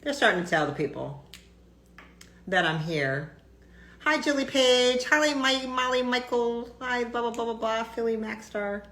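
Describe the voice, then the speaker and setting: A woman hosting a live stream, a chiropractor ranting in a brash, sarcastic, animated way. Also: on the high side, measured pace, reverberant, poor audio. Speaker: host.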